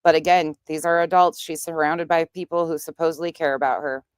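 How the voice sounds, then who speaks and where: Brief: woman, low and smooth voice, dry close sound, blunt and mocking commentator. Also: steady tone, brisk, dry recording. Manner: blunt, sarcastic. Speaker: commentary streamer. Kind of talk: reaction commentary.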